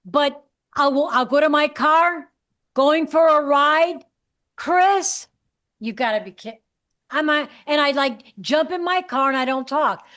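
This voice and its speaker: A woman co-hosting a podcast, chatting casually and telling a rambling, animated story. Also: sits high. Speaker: podcast co-host. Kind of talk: casual chat.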